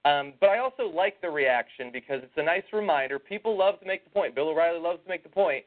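A man's voice: fairly high pitch, expressive, quick pace. Sarcastic man on a tinny line. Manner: sarcastic, reads out tweets mockingly. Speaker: podcast co-host. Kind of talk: casual political talk. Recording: tinny phone-like sound.

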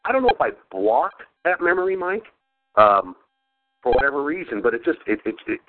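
A man's voice: mid-range voice, sing-song, fairly quick. Laughing, cursing man on a tinny line. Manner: profane, laughs often while telling stories. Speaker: podcast host. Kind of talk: casual storytelling chat. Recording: phone-like narrow sound.

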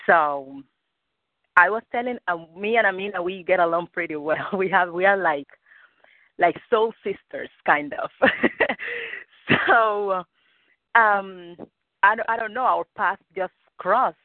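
A Cuban-accented woman speaking as a guest on a community call. She pauses with fillers and laughs often. Her voice reaches us through a dry, tinny phone line. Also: lowish voice, no room sound. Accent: Cuban Spanish. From Cuba. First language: Spanish. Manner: warm-hearted, laughs often, halting with fillers. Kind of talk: casual call talk.

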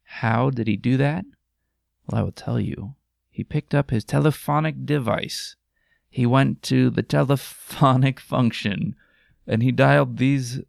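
Gravelly-voiced man hosting a podcast. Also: medium pitch, no room sound, studio quality. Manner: rambling, jokey and crude. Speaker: podcast host. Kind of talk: casual chat.

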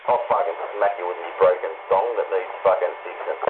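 A brash Australian man fires off crude lines quickly over a CB radio channel. His voice comes through a narrow, tinny band, with a clear hiss running underneath. He swears constantly and keeps calling everyone mate. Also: sits low, little pitch movement. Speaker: CB radio caller. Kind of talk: casual banter over CB radio.

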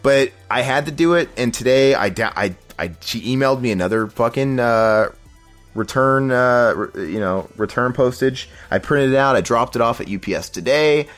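A man hosting a casual podcast, ranting in a loose, profane way. His voice sits at an ordinary middle pitch, and he slips into mocking voices when he quotes others. Faint music runs quietly behind him. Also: expressive, moderate pace. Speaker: podcast host.

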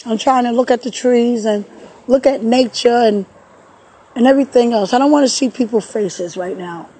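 A woman vlogging outdoors in a park, upset and tearful, talking haltingly and repeating words as she recounts a bad experience. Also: on the high side, dark tone, slightly rough, poor audio. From New York. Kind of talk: emotional personal vlog.

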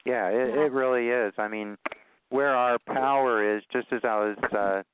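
A man's voice: mid-range voice, steady tone, normal speed, slight background noise. A man in his sixties hosting a conference-call talk show, earnest and rambling. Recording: tinny phone line.

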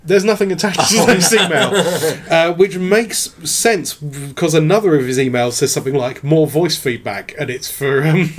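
Slightly high voiced guy cohosting a podcast, dry wry jokes, casual. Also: moderate pace, hardly any pauses. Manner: wry and dry, acts out mock lines in jokey asides. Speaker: podcast co-host. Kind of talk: casual chat.

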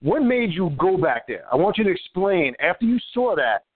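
Lively male host on a phone line. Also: high voice, moderate pace, no room sound. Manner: reacts with laughs and exclamations, prompts the guest. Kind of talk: casual interview.

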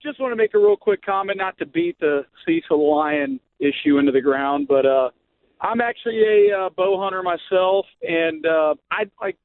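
A man's voice: sits high, lively intonation, moderate pace, no echo. A man in his late twenties calling in to a radio show, chatty and friendly, heard over a phone line. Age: 20s. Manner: friendly, chatty, calls the host brother. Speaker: caller. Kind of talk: casual phone-in chat.

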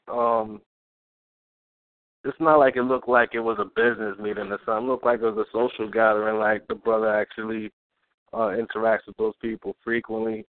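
Halting male caller on a dry phone line. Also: fairly low pitch, no echo. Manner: halting, with many fillers and dry chuckles. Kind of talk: casual call-in chat. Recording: dry phone-like call audio.

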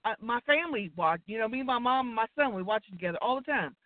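A woman's voice: fairly high pitch, expressive, fast, no room sound. A woman, ranting casually about wrestling, irritated and profane. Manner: irritated, profane, rambling rant. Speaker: co-host. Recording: tinny phone-line audio.

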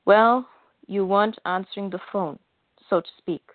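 Calm, steady male soldier read by a woman, plain delivery, phone-like sound, dry. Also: mid-range voice, moderate pace, no room sound, lightly acted.

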